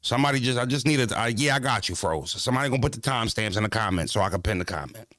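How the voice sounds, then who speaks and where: A man's voice: mid-range voice, lively intonation, rapid-fire, fairly bright tone, no echo, clean studio sound. A man hosting a livestream, telling stories in profane, slangy street talk and talking straight to his viewers. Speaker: livestream host. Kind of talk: casual livestream chat.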